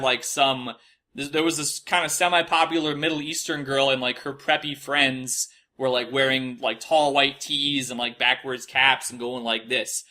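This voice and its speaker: A man's voice: medium pitch, pushed and bright. A young man from Minnesota telling a rambling, profane story in casual talk, acting out the quotes with mocking voices. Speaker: podcast host telling a story.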